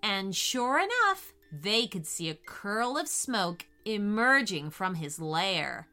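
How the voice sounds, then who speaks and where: A woman narrating a bedtime storybook in a slow, soothing, expressive way. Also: mid-range voice, soft background music.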